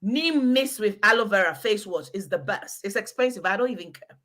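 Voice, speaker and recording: A woman's voice: mid-range voice, lively intonation, brisk, pushed and bright. A woman from Ghana, chatting casually and emphatically while giving relationship advice and calling out to a listener by name. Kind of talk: casual chat.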